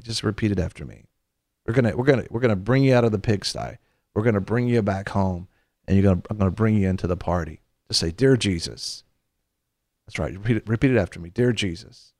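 Middle-aged male host preaching on a faith talk show, lowish voice, earnest and chatty, dry close mic. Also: darkish tone, no echo. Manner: earnest, conversational, with repeated restarts.

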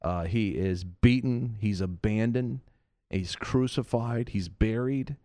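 A man's voice: fairly low pitch, slow pace, warm tone, no echo. A man hosting a Christian talk show, preaching earnestly and repeating phrases for emphasis. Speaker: host of a Christian TV and radio show.

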